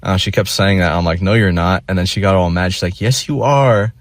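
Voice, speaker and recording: A young male vlogger rambles through a profane story in a casual monologue, stumbling over fillers and restarts. He speaks quickly in a low voice with little pitch movement, and there's no room sound.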